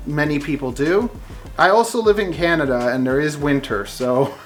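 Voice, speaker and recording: A man's voice: fairly high pitch, fairly bright tone. A man hosting his reptile-breeding channel, explaining things in a friendly, chatty, practical way. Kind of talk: casual vlog explanation.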